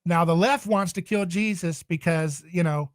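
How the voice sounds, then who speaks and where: A man's voice: high voice, normal speed, no echo. A man speaking as a podcast guest in a passionate, emphatic, preaching tone. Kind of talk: podcast interview.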